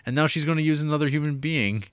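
A man's voice: on the high side, fast talker, clean tone, no echo. A man co-hosting a casual film podcast, cracking dry jokes about the characters. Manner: dry, wisecracking. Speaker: podcast co-host. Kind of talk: casual film review chat.

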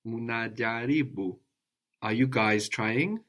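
A man's voice: medium pitch, slow pace, a bit bright. A man teaching a one-on-one language lesson, patiently drilling with prompts and tag questions.

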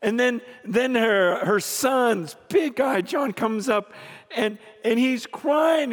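A man preaching a sermon as he tells a story, swinging from hushed lines to shouts. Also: very high-pitched, takes it slowly. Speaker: pastor. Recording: long reverb of a large hall.

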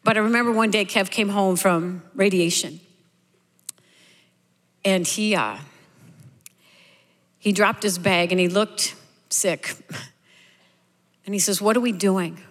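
A woman's voice: medium pitch, takes it slowly, pauses often, a bit bright, in a large hall. A middle-aged woman giving a personal testimony sermon at a church service, telling her story in a candid, heartfelt, conversational way. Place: church sanctuary.

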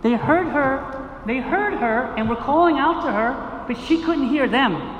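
A priest giving a sermon at a liturgy, preaching with rhetorical questions, repetition and storytelling to the congregation. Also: male voice, very high voice, animated, unhurried, muffled recording. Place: gym used for a liturgy. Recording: echoey gym with long reverb and faint noise.

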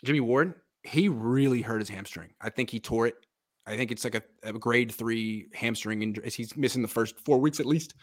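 A man's voice: mid-range voice, moderate pace. A man hosting a casual sports podcast, animatedly breaking down football film and chatting with his father. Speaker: podcast host.

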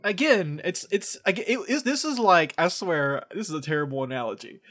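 A young man from Georgia with a fairly high voice rants earnestly about what bothers him. He swears freely and talks casually, in a podcast chat. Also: lively intonation, moderate pace, a bit bright. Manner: ranting, profane, earnest.

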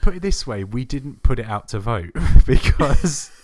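A man hosting a podcast in casual chat, brisk and matter-of-fact with self-deprecating jokes. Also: mid-range voice, very animated, a little mellow. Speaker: podcast host.

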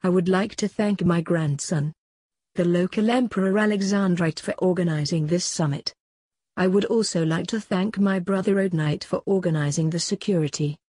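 A woman reading the part of an elderly male alien emperor in a storybook, in low, subdued tones. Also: normal speed, darkish tone, dry recording. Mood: formal. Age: older.

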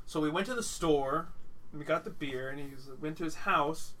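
A man in his thirties telling a wild party story as a podcast co-host, animated and swearing as he talks. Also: fairly high pitch, brisk, recorded from a distance, a little hiss or hum. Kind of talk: casual chat.

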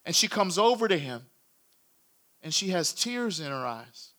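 A man's voice: sits high, very animated, a little slow, a bit bright. A male pastor telling a story in a sermon, earnest and building in intensity.

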